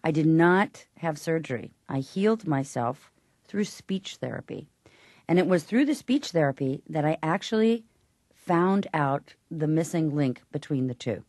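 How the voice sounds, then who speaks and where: A woman's voice: deep voice, animated, a little slow, darkish tone, dry recording, studio quality. A woman who teaches voice, explaining technique in an interview and breaking into short sung examples. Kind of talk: interview with sung and spoken vocal demonstrations.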